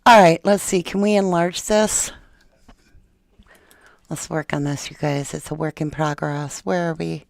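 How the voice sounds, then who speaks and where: Gravelly low-voiced woman. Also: steady tone, unhurried, long pauses, no room sound, clean studio sound. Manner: chatty, talks straight to viewers. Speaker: true crime podcast host. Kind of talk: casual livestream chat, reading a document aloud.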